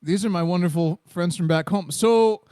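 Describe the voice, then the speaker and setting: A young man co-hosting a comedy podcast with a notably high voice. He tells stories in an animated way, breaking into laughter and quick asides, and the sound is dry and close to the mic. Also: clean tone, no echo. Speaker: podcast co-host. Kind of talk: casual comedic storytelling.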